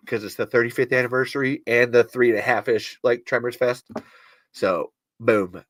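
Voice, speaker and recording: A man hosting a podcast in loose, casual chat, recorded close and dry with no room sound. He rambles, cuts himself off and swears, his pitch sitting in an ordinary middle range. He comes across as an unpolished, chatty livestream host. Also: moderate pace, pauses often, fairly bright tone, no room sound. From American Midwest. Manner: rambling, self-interrupting, swears and laughs at himself.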